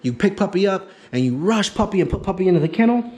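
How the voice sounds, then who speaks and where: A man's voice: sits high, fast. Male dog trainer with a raised voice, explains rules firmly and repeats himself to drive points home. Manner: emphatic, repetitive teaching, acts out excited praise. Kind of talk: in-home consultation.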